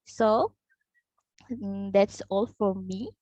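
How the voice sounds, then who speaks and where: A woman guest speaker wrapping up her presentation, halting and searching for words. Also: mid-range voice, dark tone, no echo, low-quality recording. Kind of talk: closing a presentation.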